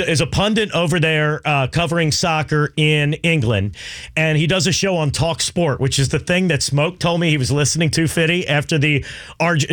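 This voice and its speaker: A man's voice: fairly high pitch, fairly bright tone. A man co-hosting a sports radio show, rambling and joking about sports.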